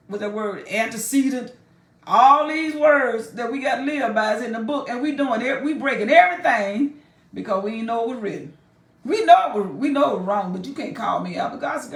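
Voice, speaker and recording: A woman's voice: on the high side, fairly bright tone. Woman preaching in an echoey room. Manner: emphatic, folksy, talks straight to the listener. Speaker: Bible teacher. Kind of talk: preaching Bible exposition. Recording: echoey room, mic far off.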